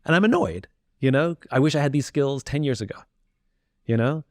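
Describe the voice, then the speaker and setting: A man's voice: mid-range voice, expressive, fairly quick, a little mellow, dry recording. Candid reflective man, dry close mic. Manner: candid, self-reflective, acts out quoted voices. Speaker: podcast guest. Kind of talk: reflective conversational talk.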